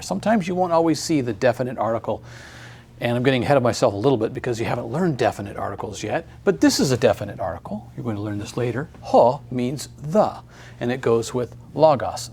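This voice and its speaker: A man's voice: mid-range voice, darkish tone, slightly rough. A man teaching a recorded grammar lesson, friendly and upbeat, explaining step by step.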